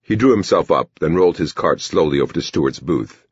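A man narrating a novel in a measured storytelling manner. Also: rumbling low, expressive, husky, no room sound. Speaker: audiobook narrator. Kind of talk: scripted narration. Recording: dull lo-fi recording.

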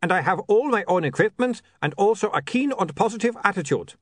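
A man's voice: sits high, expressive, a little fast, no echo, studio quality, pitched above the performer's own voice. A man reading an audiobook voices a formal, eager male vampire photographer with stiff, foreign-sounding phrasing.

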